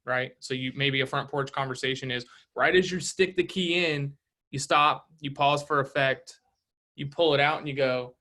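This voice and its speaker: A man's voice: medium pitch, steady tone, normal speed, bright, forceful tone. A man leading a casual real estate training session, coaching with rhetorical questions and a frequent "right?".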